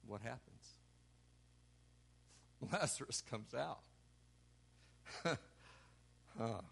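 A man preaching a sermon, acting out the quoted lines with sudden loud, emphatic bursts. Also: mid-range voice, lively intonation, very slow, creaky, breathy edge. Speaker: pastor.

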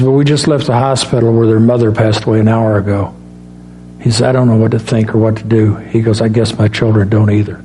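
A middle-aged male preacher talks in a plain, folksy way and acts out the dialogue in his stories. His voice sits at an ordinary middle pitch and climbs high when he stresses a point. A faint hum runs underneath. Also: darkish tone. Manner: folksy, storytelling with quoted dialogue. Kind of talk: sermon with personal stories.

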